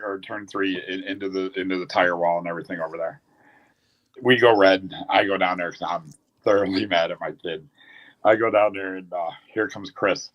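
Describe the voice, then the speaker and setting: A man's voice: low-pitched, poor audio. A man, a former speedway owner, telling old racetrack stories in a casual chat, rambling with restarts.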